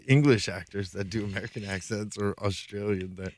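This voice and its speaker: A man's voice: on the low side, brisk, no room sound. A man guesting as an actor in a radio studio interview, easygoing and rambling, with a fondness for improv. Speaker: stage and film actor, guest.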